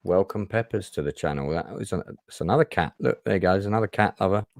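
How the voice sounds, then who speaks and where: A man's voice: low-pitched, brisk, darkish tone, dry recording. A man hosting a casual livestream chat show, talking chattily with many fillers and restarts. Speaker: host.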